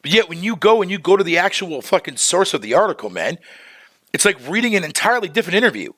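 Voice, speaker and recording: Male streamer, slangy and profane heated rant, fairly high lively voice, dry close sound. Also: fast talker, no room sound. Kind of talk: casual livestream rant.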